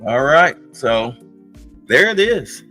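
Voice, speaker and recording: A man's voice: mid-range voice, sing-song, slow, bright, forceful tone, faint music behind. A man hosting a casual live stream, reacting to a clip with heavy sarcasm and mocking hums. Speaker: streamer host.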